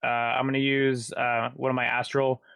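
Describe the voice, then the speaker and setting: A man playing a tabletop game over voice chat, asking halting questions full of fillers. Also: mid-range voice, little pitch movement, gravelly, fairly bright tone, clear, resonant tone, no echo, studio quality. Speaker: player.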